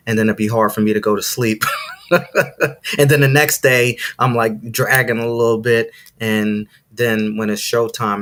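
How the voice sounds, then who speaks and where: Man, low-pitched voice, podcast host, motivational monologue, preachy, emphatic, repeats for effect, addresses listeners. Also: normal speed. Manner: preachy and emphatic, repeats phrases, says "see"; excited, talks to listeners directly. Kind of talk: motivational live-stream monologue.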